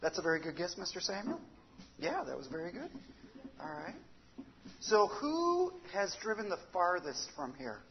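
A woman's voice: fairly low pitch, big pitch swings, moderate pace, slight background noise. Upbeat woman leading kids' sing-along. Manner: upbeat, encouraging, coaxing children by name. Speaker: children's worship leader. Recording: dull lo-fi sound under loud guitar music. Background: guitar music.

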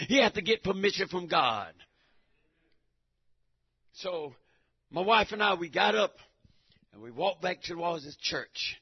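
High husky-voiced man preaching testimony. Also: expressive, a little slow, pauses often. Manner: emphatic, repetitive, bursts into shouting. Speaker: church member giving testimony. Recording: dull lo-fi recording.

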